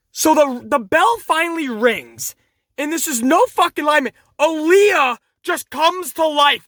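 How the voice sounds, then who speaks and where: A man reviewing a wrestling show in casual, profane commentary, animated and laughing at his own jokes. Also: extremely high pitch, no echo, studio quality.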